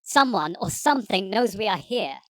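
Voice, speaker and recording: Voice actor as a knowing, wordy male alien time traveller; pitch-shifted up, dry booth sound, audiobook. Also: lively intonation, fairly quick, no echo, low-quality recording. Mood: urgent. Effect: pitch-shifted higher. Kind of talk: audiobook character voice.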